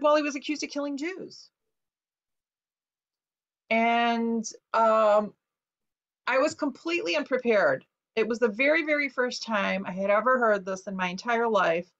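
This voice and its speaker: A woman's voice: on the high side, a bit bright. A woman author telling a personal story in an interview, earnest and full of fillers as she quotes what people said to her. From United States. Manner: earnest, recounting with quoted dialogue and many fillers. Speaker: author guest. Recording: dull lo-fi recording.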